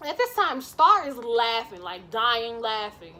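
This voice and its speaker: A woman with a high voice tells a story to camera in a storytime vlog. She is animated and chatty, and she swears casually as she goes. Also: unhurried. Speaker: vlogger.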